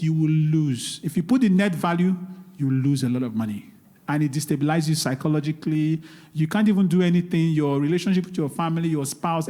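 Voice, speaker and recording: A guest speaker on investing gives a live seminar talk in a church hall before an audience, emphatic and pleading, repeating key words. He has a fairly high, warm voice, and the recording carries the long reverb of a large hall.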